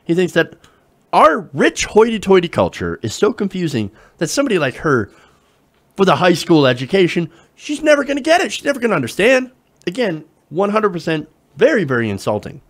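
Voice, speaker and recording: A man's voice: high voice, huge pitch swings, a little fast, fairly bright tone. A young man hosting a political commentary show, sarcastic and incredulous as he swears his way through a rant. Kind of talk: opinionated news commentary.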